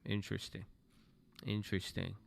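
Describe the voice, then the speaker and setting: A man's voice: lowish voice, monotone, moderate pace, gravelly. A young man trading stocks on a livestream, talking bluntly to his chat and swearing freely. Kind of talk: casual livestream commentary.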